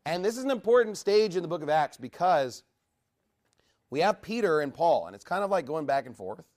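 A man's voice: big pitch swings, brisk, a little mellow. A man preaching a verse-by-verse Bible sermon, emphatic, asking his listeners questions and rising in force to stress his points. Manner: emphatic, asks the congregation questions; rises in pitch and volume when stressing points.

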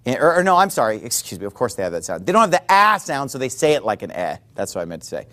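A man preaching a sermon in a conversational, digressive way with quick rhetorical asides. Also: mid-range voice, sing-song, pushed and bright.

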